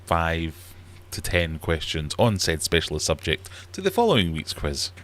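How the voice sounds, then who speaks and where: A man's voice: low voice, wildly swooping pitch, normal speed, fairly bright tone. A middle-aged man hosting a casual livestream chat from his fish room, rambling and self-deprecating. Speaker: livestream host. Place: small warm fish room at home.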